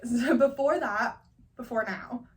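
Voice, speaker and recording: A young woman from Northern California tells a comic story from her own life with lively energy. She laughs often and slips into the voices of the people in it. Her voice sits fairly high, and the mic is set a little away from her. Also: takes it slowly, far from the mic, slight background noise. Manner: animated, laughing often, acting out quotes. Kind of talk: personal storytelling, class assignment.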